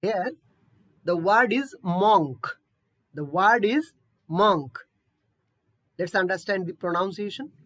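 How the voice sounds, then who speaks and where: Slow, lively woman teaching pronunciation. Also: mid-range voice. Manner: patient, repetitive, checks in with "okay?". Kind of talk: online pronunciation lesson.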